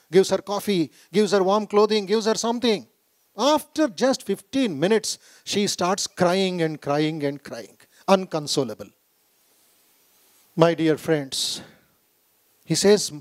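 A man with an Indian English accent giving an emphatic, storytelling speech to a corporate gathering, often repeating lines for effect and acting out the people he quotes. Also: high voice. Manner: storytelling, repetitive and emphatic, acts out quoted voices. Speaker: monk giving a talk. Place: conference hall.

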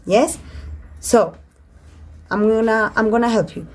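A woman's voice: on the high side, fairly even intonation, a little slow, pauses often, a little mellow. A woman teaching an online English grammar class in a Spanish accent, her first language being Spanish, reading example sentences aloud and switching into Spanish to explain. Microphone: computer mic in a video call.

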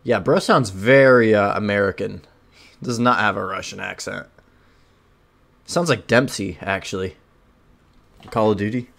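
A man's voice: fairly low pitch, unhurried, creaky, pauses often, fairly bright tone. A man giving casual let's-play commentary while gaming, laughing often, swearing and reacting with surprise. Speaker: gamer playing a video game.

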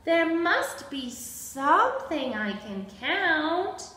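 A patient young giraffe who loves to count, as a woman reads her aloud. Her high storybook voice jumps around and turns crossly emphatic. It sounds like a roomy, echoing space. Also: sing-song, very slow, sharp tone, full character voice. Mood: sighing. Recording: roomy echo.

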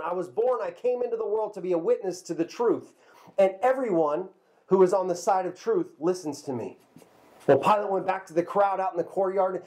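Guy with a high voice telling kids a bible story, animated, trips over words a bit. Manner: lively storyteller, repeats words while talking. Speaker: children's pastor.

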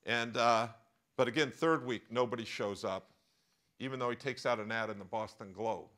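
An American man lecturing to a live room in storytelling mode, animated and anecdotal. His voice sits in a middle pitch and has a forceful, bright edge. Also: moderate pace. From United States. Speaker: professor giving a masterclass.

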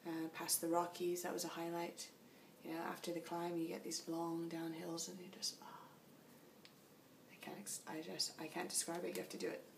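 A woman's voice: lowish voice, monotone, moderate pace, creaky, far from the mic, slight background noise. A tired woman chatting casually in a video diary about her cycling trip, laughing often, in a small motel room. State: tired after a long flight. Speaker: long-distance cyclist vlogging.

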